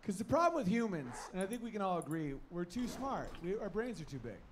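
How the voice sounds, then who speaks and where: A man from the Northeast United States doing a stand-up comedy set, animated, jumping into high excited voices for his dogs. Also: quick pace, slight background noise.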